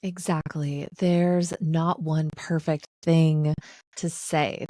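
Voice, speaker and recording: A woman on a podcast interview who speaks in a calm, measured, supportive way. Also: deep voice, no echo.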